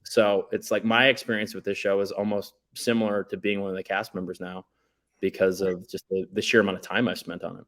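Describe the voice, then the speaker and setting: A man with a lowish voice talks in a relaxed, meandering way. He is a guest on a casual podcast, trailing off and restarting as he tells his stories. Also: fairly quick. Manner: rambling, laid-back storytelling with many fillers. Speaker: guest, documentary writer and director.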